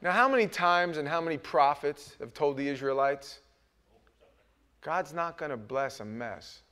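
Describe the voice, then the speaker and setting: A middle-aged man preaching a sermon as pastor, talking with the congregation and swinging between hushed asides and loud, emphatic bursts. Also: on the high side, animated, unhurried, smooth. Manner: conversational, asks the congregation questions.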